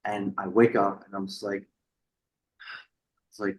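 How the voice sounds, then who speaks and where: A man with a lowish voice tells a story as a podcast guest, animated and swearing freely. He repeats words as he goes and acts out the people he quotes. The room around him sounds echoey. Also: moderate pace, long pauses. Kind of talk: casual storytelling interview.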